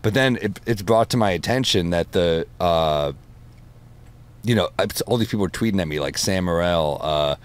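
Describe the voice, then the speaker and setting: A man telling animated stories in casual podcast chat, swearing freely. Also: sits low, moderate pace, smooth. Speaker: comedian guest.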